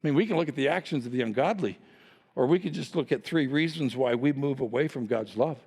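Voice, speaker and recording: A man's voice: mid-range voice, quick pace, a little mellow, breathy edge, in a large hall. A male pastor preaching a sermon, teasing his congregation with playful rhetorical questions.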